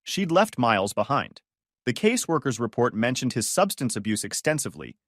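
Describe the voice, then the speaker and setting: A man reading a first-person story in a flat, measured way. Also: medium pitch, no room sound, studio quality. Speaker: narrator.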